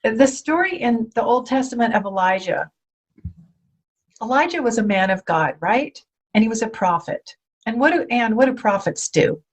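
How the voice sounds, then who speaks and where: A woman speaking as a podcast guest, telling faith stories in lively conversation and acting out the voices she quotes. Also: on the high side, normal speed. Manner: animated storyteller, acts out quoted voices.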